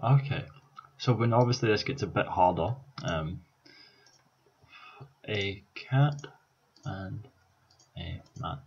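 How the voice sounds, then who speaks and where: A Scottish man in his twenties speaks in a low, slightly husky voice, chatting casually and swearing as he thinks aloud. He sounds tired after a sleepless night, and the recording is a little dull and lo-fi. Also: slow, long pauses, darkish tone. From Scotland. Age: 20s. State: tired, up all night on coffee. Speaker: YouTuber. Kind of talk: casual vlog commentary.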